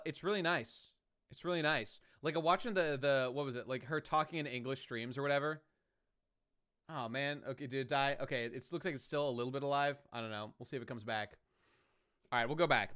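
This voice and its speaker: A man's voice: mid-range voice, animated, brisk, fairly bright tone. A man streaming a game and chatting with his viewers in a rambling, profane way, often restarting his sentences. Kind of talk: casual live-stream commentary.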